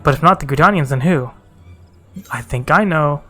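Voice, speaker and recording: A man's voice: fairly high pitch, moderate pace, sharp tone, faint music behind. A man reading a confident, genial male engineer in a game who is proud of his designs.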